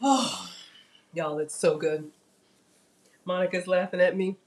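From her home kitchen, a woman hosts a live-streamed cooking class, chatty and excitable as she addresses viewers directly. Her voice is fairly low and her pace slow.

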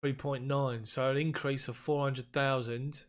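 A man giving casual commentary on a football management game, getting excited and frustrated as chances slip away. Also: mid-range voice, unhurried. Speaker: gaming YouTuber.

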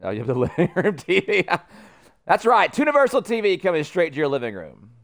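Here a man with a high, slightly bright voice talks briskly over gameplay, his pitch swinging wildly. He's playing a self-important cartoon mayor, rambling in a fake politician voice whose Boston accent slides into Brooklyn now and then.

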